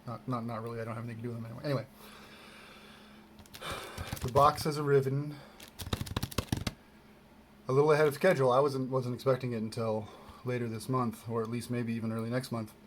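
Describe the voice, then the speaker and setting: A man rambles through an unboxing in a loose, self-deprecating way, full of ums and restarts. His voice sits at an ordinary middle pitch. A faint hiss hangs under the home recording. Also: flat delivery, fast, long pauses. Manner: self-deprecating, meandering, many fillers and restarts. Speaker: vlogger.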